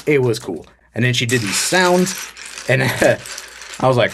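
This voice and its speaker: Animated man telling a funny story. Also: medium pitch, a little slow, slight background noise. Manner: animated storyteller, acts out quoted people. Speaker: podcast co-host. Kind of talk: casual storytelling chat.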